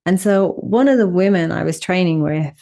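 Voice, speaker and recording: A middle-aged woman hosting a podcast, telling a personal story in an expressive, animated way. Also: fairly low pitch, normal speed, vocal fry. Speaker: podcast host.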